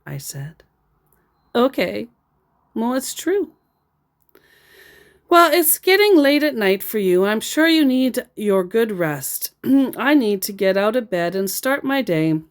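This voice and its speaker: A woman retelling a chat conversation in a dry, mocking manner. She talks slowly, and her pitch rises and falls a lot. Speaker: storyteller.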